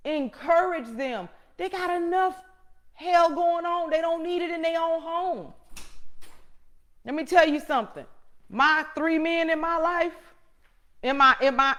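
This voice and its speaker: In a high-pitched voice, a middle-aged show host gives a fervent, sermon-style pep talk. She drives points home by repeating phrases, her delivery rising loud and then dropping to a hush.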